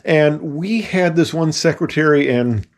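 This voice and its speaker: A man's voice: on the high side, measured pace. Rambling older man giving a home tour. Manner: rambling, self-deprecating storyteller with many fillers. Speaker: retired pilot and engineer, channel host. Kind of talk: casual home tour vlog. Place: at home, in his house and attic office.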